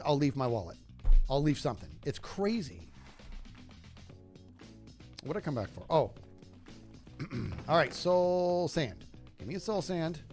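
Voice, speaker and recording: Casual male streamer, lively pitch swings, a touch higher than most men, rambling jokey self-talk, faint music behind. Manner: rambling, self-talking, jokey asides to chat. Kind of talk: casual gameplay livestream chat.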